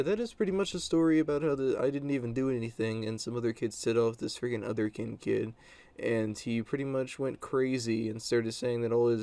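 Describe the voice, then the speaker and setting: A man's voice: medium pitch, gravelly, warm tone. A young adult man telling a story from his school days in a casual, blunt monologue, with many fillers and crude words.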